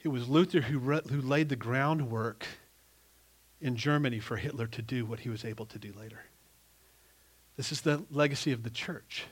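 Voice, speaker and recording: A middle-aged male pastor preaching a sermon, emphatic and animated, often restarting his sentences. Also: medium pitch, moderate pace, breathy edge.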